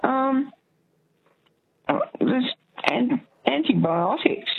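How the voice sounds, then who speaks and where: An older woman, a caller to a radio quiz, speaking in a hesitant but lively way. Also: sits high, extremely slow, vocal fry, slightly rough. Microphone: phone line. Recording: tinny phone line.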